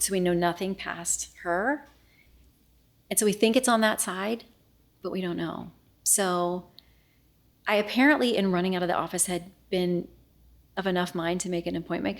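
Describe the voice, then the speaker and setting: A middle-aged woman recounts a personal ordeal as an interview guest, earnest and often falling to a near-whisper when she replays a conversation. Her voice sits a little low, with a gravelly fry. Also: fairly even intonation, moderate pace. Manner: earnest, reenacts dialogue, often drops to a hushed voice. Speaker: news anchor and guest. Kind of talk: emotional personal storytelling in interview.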